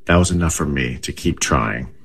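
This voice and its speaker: A man, a comedian, talking casually in an interview in a relaxed, amused way. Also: very deep voice, normal speed, gravelly, breathy edge.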